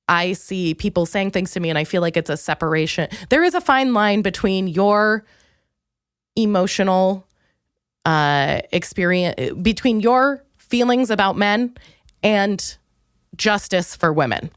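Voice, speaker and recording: A woman's voice: measured pace, smooth, dry recording, studio quality. Rambling, self-mocking young woman comedian. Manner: rambling, self-mocking, jumps into high excited quotes. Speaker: comedian podcast host. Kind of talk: casual comedic monologue.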